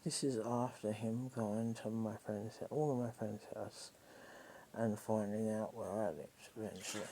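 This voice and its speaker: A woman's voice: a bass voice, steady tone, normal speed, mellow, a little hiss or hum, rough recording. An Australian woman telling a personal story in a casual monologue, rambling, swearing freely and emotionally raw.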